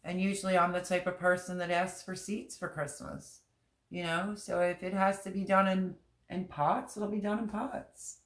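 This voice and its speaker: A woman's voice: fairly low pitch, level tone, moderate pace. Rambling candid woman in echoey room. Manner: rambling, candid and emotional, repeats herself. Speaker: livestream host. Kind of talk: casual livestream chat.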